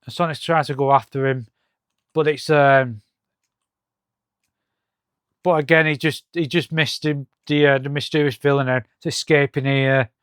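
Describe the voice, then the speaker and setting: Hesitant man, smooth voice. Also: medium pitch, fairly even intonation, a bit bright, dry recording, clean studio sound. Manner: halting, hesitant, many fillers and restarts; reads comic dialogue aloud in his own voice. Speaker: comic reviewer. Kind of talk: casual comic-book walkthrough.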